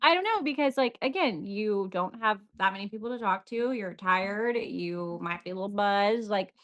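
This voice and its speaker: A woman's voice: mid-range voice, lively intonation, normal speed, a bit bright, muffled recording. A young woman, a guest on a podcast, chatting casually, laughing often and acting out her own thoughts. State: new mother. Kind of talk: casual chat.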